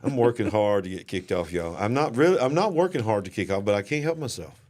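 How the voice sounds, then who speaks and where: A man's voice: lowish voice, expressive, fast talker, darkish tone. Folksy Southern man hosting a live stream. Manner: folksy, emphatic, repeats himself. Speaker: co-host of a live-stream show.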